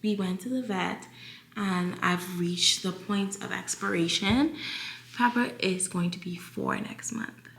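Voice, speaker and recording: A woman's voice: medium pitch, measured pace, creaky, fairly bright tone, roomy sound, a little hiss or hum. A young woman chatting to her viewers in a casual Q&A vlog while cooking in her home kitchen. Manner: chatty, talks straight to viewers as y'all. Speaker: lifestyle vlogger.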